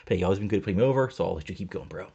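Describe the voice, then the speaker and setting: A man's voice: low voice, racing, creaky, dark tone, husky, dull audio, exaggerated voice. A man doing a laid-back, drawling wrestler dude. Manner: easygoing, drawling, says man and bro. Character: laid-back surfer-type male wrestler.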